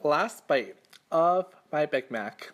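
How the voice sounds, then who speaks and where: A man's voice: on the high side, expressive, slow pace, fairly bright tone. A young man hosting an eating show, telling a casual story between bites in a rambling, filler-heavy way, self-conscious and embarrassed. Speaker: mukbang host.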